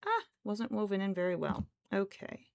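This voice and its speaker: A woman's voice: medium pitch, sing-song, moderate pace, gravelly, dry recording. A woman streamer chatting casually while crafting, who talks to her cats in baby talk.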